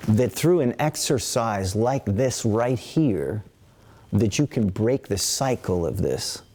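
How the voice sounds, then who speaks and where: A man with a fairly low voice leads a qigong class in a calm, steady way. He counts breaths aloud and asks his class rhetorical questions, recorded indoors on a webinar camera mic. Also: slow. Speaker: qigong teacher. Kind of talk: guided qigong instruction.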